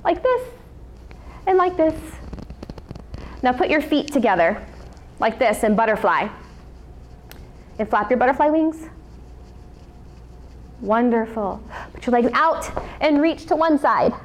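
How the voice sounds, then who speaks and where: Lady leading kids yoga, cheery and coaxing, kinda high-pitched. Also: expressive, measured pace, pauses often, a little hiss or hum. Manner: upbeat, coaxing, talks to children. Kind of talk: guided kids yoga class.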